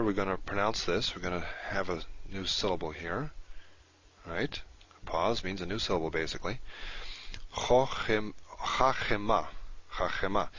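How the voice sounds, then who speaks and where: A man teaching a Hebrew grammar lesson, explaining patiently and slowing down to stress key words. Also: low voice, fairly bright tone, lo-fi sound. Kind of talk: online language lesson.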